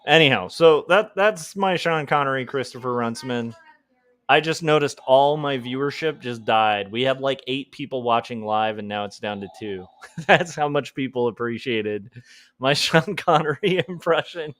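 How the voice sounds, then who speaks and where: A man's voice: medium pitch, normal speed, fairly bright tone. A man chatting casually on his live stream while he draws, rambling and making jokes at his own expense. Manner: rambling, self-deprecating, joking. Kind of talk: casual livestream chat.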